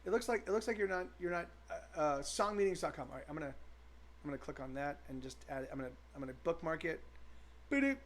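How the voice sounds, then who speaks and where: A man's voice: a little high, expressive, fast talker, slight background noise. A man, a musician, chatting casually with viewers during a live stream, rambling with many restarts and the odd swear word.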